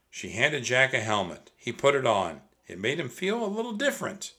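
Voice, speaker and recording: A man reading a children's book aloud, expressive and speaking straight to young listeners. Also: medium pitch, normal speed. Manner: expressive, addresses kids directly. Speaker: storyteller.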